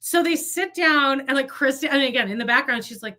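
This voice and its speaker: Pitched high and talking a little fast, a female podcast co-host dishes gossip casually. She curses frequently and brings others' remarks to life by acting them out.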